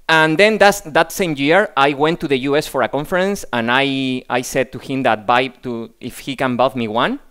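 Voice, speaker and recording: Male tech speaker, clear resonant voice, hesitant delivery. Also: medium pitch, steady tone, a bit bright. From Spain. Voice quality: halting, repeats words. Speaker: conference speaker. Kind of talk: tech conference talk.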